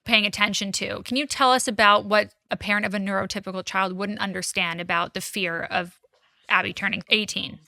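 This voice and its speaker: Female podcast host, bright tone, enthusiastic and affirming. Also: medium pitch, fairly even intonation, brisk, gravelly, no echo. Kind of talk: warm interview conversation.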